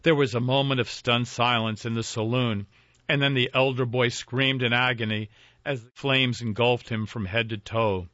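A man narrating a folk ghost story in a measured, dramatic reading. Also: medium pitch, steady tone, a bit bright, dry recording. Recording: dry, dull lo-fi with faint music.

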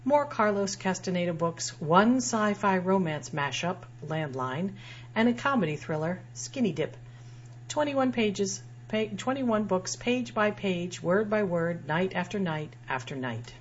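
A woman's voice: lowish voice, animated, a little slow. A woman writer reading her own personal essay aloud in a wry, dryly humorous way. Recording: dull lo-fi sound with faint hum.

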